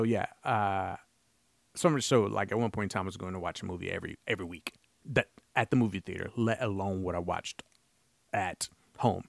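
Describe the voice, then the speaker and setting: A man talks on his solo podcast in a low, grounded voice, earnest and a little rambling as he circles back over his thoughts. The sound is dry and close, with no room around him. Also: gravelly, darkish tone, dry recording. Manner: rambling, earnest, frequent restarts and fillers. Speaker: podcast host. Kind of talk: casual solo podcast talk.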